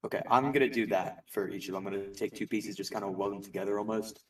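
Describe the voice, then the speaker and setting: A man's voice: lowish voice, fairly even intonation, fast talker, distant mic. A man playing in a tabletop game, hesitant and stammering as he asks and explains. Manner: hesitant, soft-spoken, stammering. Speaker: player. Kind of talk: in-character tabletop play.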